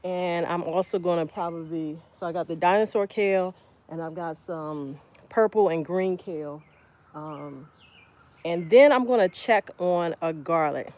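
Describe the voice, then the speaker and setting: A woman's voice: lowish voice, unhurried, darkish tone. A woman hosting a casual livestream outdoors in her garden, chatting with viewers by name while she harvests. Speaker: homestead livestreamer.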